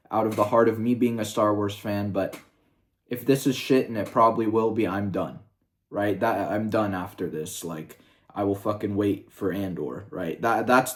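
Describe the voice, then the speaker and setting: A man with a somewhat low voice talks through a review vlog in a loose, rambling way. He swears freely and leans on fillers as he goes. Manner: rambling and profane, heavy with fillers. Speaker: video reviewer.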